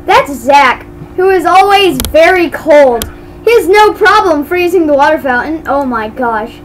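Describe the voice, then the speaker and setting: High-pitched girl rambling slowly over a game, giggly, stumbles on words. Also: expressive, slight background noise, rough recording. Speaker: gamer. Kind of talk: casual game commentary.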